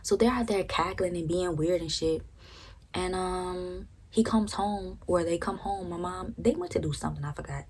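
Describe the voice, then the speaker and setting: A young woman with a low, dark-pitched voice tells a personal story in a casual, blunt way. She swears freely and keeps checking in with the listener. A faint background hum sits under her voice. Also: normal speed. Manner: frank, profane, repeats "right?" often. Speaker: storytime vlogger.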